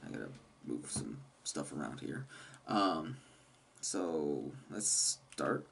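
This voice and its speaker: A man's voice: very deep voice, very animated, takes it slowly, gravelly. A man commentating a horror game he is playing, talking back to the monsters and yelping when startled, speaking into a headset at his home setup. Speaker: gaming channel host. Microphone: gaming headset. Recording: loud background noise.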